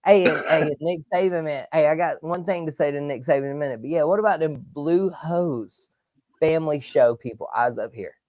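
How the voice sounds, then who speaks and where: A man hosting a live sports talk show, energetic and rambling, with loud outbursts. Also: a little high, brisk, no room sound. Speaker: podcast host.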